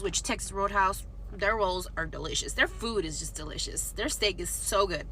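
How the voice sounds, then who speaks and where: A young adult woman telling a storytime story in an animated, indignant way, swearing now and then. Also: medium pitch, normal speed, hardly any pauses, slight background noise. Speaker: storytime vlogger. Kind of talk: casual storytelling.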